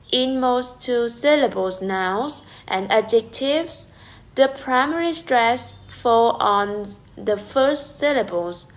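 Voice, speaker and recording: Brief: young female student, higher voice, slow and deliberate reading. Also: gravelly. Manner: careful reading, repeating example words. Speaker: student presenter. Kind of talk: reading a class presentation.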